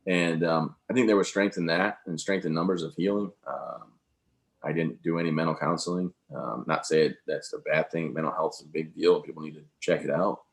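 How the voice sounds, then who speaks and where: A man with a very low, deep voice talks casually in an interview. He is upbeat and rambles, full of "you know" and "um." He speaks like he is telling his own story to a friend. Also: steady tone, brisk, vocal fry. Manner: upbeat, rambling, many fillers. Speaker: interview guest, veteran speaker.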